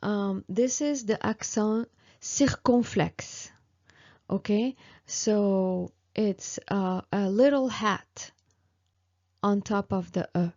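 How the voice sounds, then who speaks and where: Slow, patient woman teaching pronunciation. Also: medium pitch, warm tone, highs cut off. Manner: slow and patient, with many fillers and repeated examples. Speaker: French teacher. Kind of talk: online language lesson.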